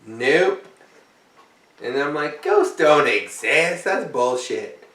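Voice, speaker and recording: A man's voice: on the high side, lively intonation, takes it slowly, fairly bright tone. A tired man vlogging in a rambling, profane, jokey way, yawning as he talks. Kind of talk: casual rambling vlog. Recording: roomy, mic far off.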